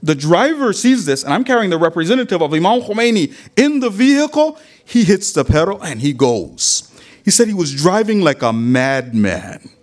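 A man with a high, very lively voice delivers a sermon. He retells a story vividly, acting out the quoted lines, and drops in Arabic religious phrases as he speaks. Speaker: religious lecturer.

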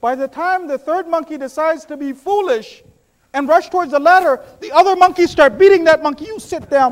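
A man preaching a sermon, telling stories with animated swings between loud bursts and low hushed asides.

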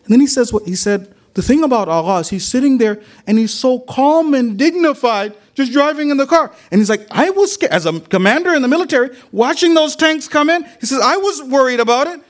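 A man giving a religious talk, retelling a story with lively quoted dialogue and Arabic religious phrases. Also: very high-pitched, brisk, few pauses. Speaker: religious lecturer. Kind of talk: sermon with storytelling.

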